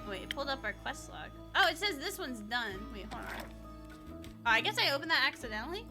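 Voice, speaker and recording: A giggly woman chatting casually on a game stream. Her voice sits very high and bounces around in pitch. Game music plays steadily behind her. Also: very animated, brisk.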